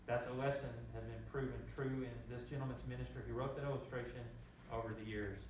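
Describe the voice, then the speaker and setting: A man's voice: medium pitch, steady tone, fast, background noise. A male pastor delivers a sermon in a big, echoing church, his voice heard from well away from the microphone. He repeats key phrases and rises in emphasis on his points. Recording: echoey room heard from a distance.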